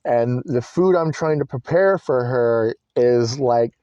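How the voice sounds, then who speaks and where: A man's voice: medium pitch, slow pace, mellow, clean tone, no echo, lo-fi sound. A young man telling a personal story in a rambling, candid way, full of fillers and swearing. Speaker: vlogger.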